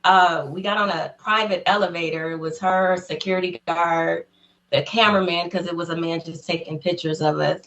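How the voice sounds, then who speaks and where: A woman guest in an interview, telling an excited story in casual talk, laughing often and acting out what people said. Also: lowish voice, normal speed, highs cut off. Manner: excited, acts out quotes in a raised voice; laughs often between phrases.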